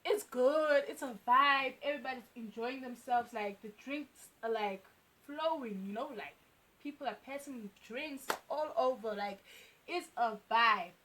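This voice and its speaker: A young South African woman telling a casual storytime, animated and repeating phrases for emphasis. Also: high-pitched, unhurried. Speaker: YouTuber.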